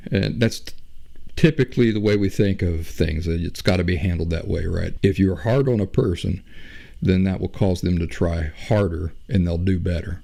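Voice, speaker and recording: A middle-aged man hosting a podcast, talking through ideas in a slow, conversational monologue full of rhetorical questions. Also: low-pitched, creaky, warm tone. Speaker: podcast host. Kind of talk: reflective monologue.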